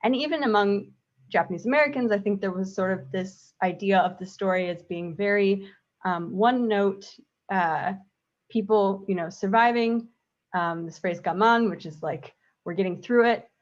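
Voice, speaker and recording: A woman's voice: mid-range voice, normal speed, highs cut off. A woman author on a book panel, speaking thoughtfully and hesitantly with many fillers. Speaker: graphic novel author on a panel. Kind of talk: panel discussion.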